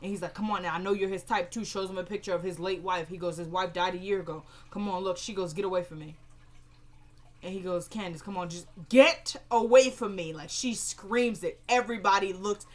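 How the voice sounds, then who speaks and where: A young woman giving a casual, opinionated recap of a TV episode, acting out the characters' lines in quick quoted bits. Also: lowish voice. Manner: animated, retells scenes in quoted voices, opinionated. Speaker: show recapper.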